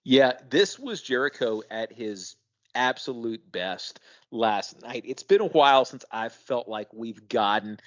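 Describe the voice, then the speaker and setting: A man's voice: medium pitch, lively intonation, unhurried, fairly bright tone. Easygoing male co-host, slightly dull audio. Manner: enthusiastic, easygoing analysis. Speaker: podcast co-host. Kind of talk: casual wrestling recap chat.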